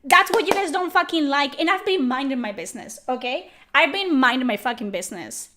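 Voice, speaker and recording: Furious high-voiced woman ranting. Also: animated, fairly quick. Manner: furious, profane, yelling. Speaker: YouTuber. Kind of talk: angry rant to camera.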